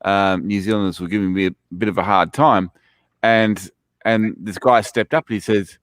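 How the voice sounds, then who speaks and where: A man's voice: low voice, fairly even intonation, normal speed, no room sound, clean studio sound. A man in casual chat, an easily amused listener who chuckles along and swaps a story of his own.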